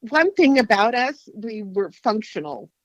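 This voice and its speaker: A middle-aged woman answering interview questions candidly, reflective and halting, with frequent restarts. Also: on the high side, animated, no room sound, poor audio. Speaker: guest sharing her testimony.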